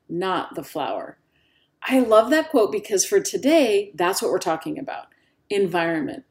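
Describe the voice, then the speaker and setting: A woman's voice: mid-range voice, darkish tone. Chatty woman podcast host, middle aged, upbeat, does little voices for stories. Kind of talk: solo podcast monologue.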